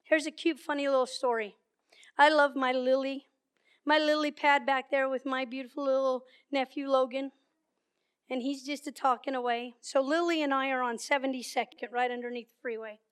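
Woman preacher, high voice, storytelling sermon with emphatic repetition. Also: steady tone, normal speed, clear, resonant tone.

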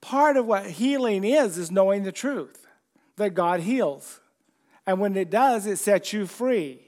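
A man's voice: high-pitched, animated, measured pace, a little mellow. A man preaching a conversational sermon, repeating phrases over and over for emphasis.

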